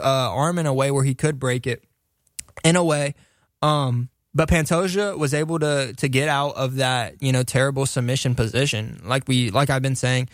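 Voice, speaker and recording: A man's voice: mid-range voice, no room sound, clean studio sound. Enthusiastic young man recapping fights. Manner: enthusiastic, rambling, with many fillers and restarts. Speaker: combat sports commentator.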